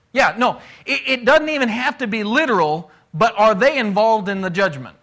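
High, bright-voiced man teaching Bible class. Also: expressive, moderate pace. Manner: conversational, asks the class questions. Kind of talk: casual Bible class lesson.

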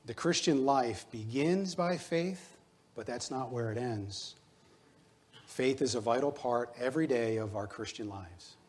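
A man's voice: medium pitch, unhurried, darkish tone. Middle-aged male pastor, earnest sermon delivery, mid-range voice, exhorting tone. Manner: earnest, exhorting, personal running anecdotes.

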